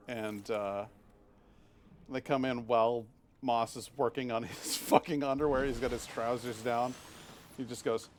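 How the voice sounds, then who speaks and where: A man's voice: mid-range voice, steady tone, unhurried, a little hiss or hum. A man in his thirties chatting casually while streaming a game, rambling with restarts and frequent swearing. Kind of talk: live game stream commentary.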